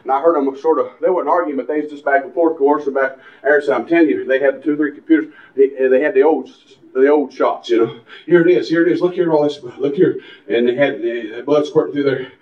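A man preaching a fervent sermon, climbing into shouts and punctuating his lines with "uh" and "amen". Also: mid-range voice, steady tone, fast, echoey room, distant mic, highs cut off. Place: church.

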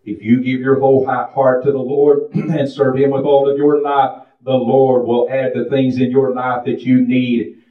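A man's voice: medium pitch, level tone, moderate pace. A man preaching a sermon in a folksy style that builds into a fervent chant. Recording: distant, echoey, muffled room recording.

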